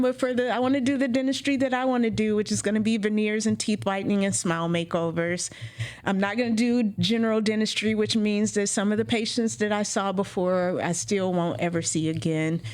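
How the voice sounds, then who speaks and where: A woman dentist telling her career story in an interview, emotional and animated, acting out what she said back then. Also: medium pitch, normal speed. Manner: emotional, animated, acts out her own quotes.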